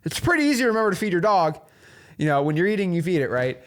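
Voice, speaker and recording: A man hosting a motivational business talk, animated and preachy, sprinkling his speech with "like" and "okay?". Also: sits high, racing. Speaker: host.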